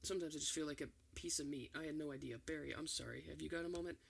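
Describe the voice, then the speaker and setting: Man with a gravelly, slightly high voice reading a script for ASMR. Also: rapid-fire. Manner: reads every part in one steady voice with few changes. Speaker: ASMR reader.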